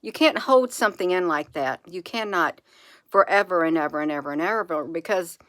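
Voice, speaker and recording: A woman speaking softly and reassuringly to her viewers, repeating phrases slowly in an encouraging spiritual monologue. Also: fairly low pitch, expressive, dry recording. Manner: soft, repetitive, reassuring, with slow drawn-out phrases. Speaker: channel host.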